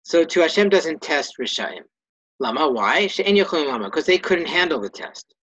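A man's voice: on the high side, sing-song, moderate pace, a bit bright, no room sound. Man teaching a text class, dull lo-fi sound. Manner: reads Hebrew and Aramaic phrases, then translates them plainly; casual, with frequent restarts and self-corrections. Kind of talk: text-study lesson.

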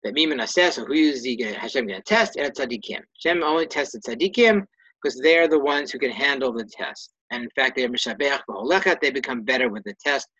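A man's voice: mid-range voice, animated, quick pace, fairly bright tone, husky, no room sound, dull audio. A man leading a Torah study class, reading Hebrew and Aramaic phrases aloud and translating each one in a casual, self-correcting way. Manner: reads Hebrew and Aramaic phrases, then translates them plainly. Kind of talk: text-study lesson.

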